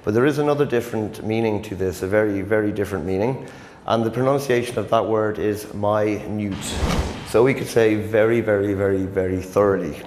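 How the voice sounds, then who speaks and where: A man's voice: fairly low pitch, darkish tone. A man teaching a demonstration English lesson in a chatty, joking way, speaking directly to learners. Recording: echoey hall with faint noise.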